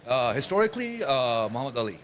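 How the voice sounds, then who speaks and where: Middle-aged guy talking quick on a podcast, jokey, likes fancy words. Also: mid-range voice, sing-song. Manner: chatty, joking, fond of big words. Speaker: podcast guest. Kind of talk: casual conversation.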